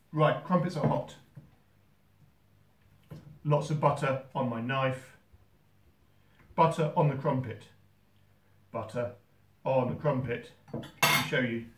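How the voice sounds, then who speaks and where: A man hosting a how-to video from a holiday home kitchen, talking in a dry, mock-serious, gently teasing way. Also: medium pitch, roomy sound, far from the mic. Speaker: host. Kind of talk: deadpan comic how-to video.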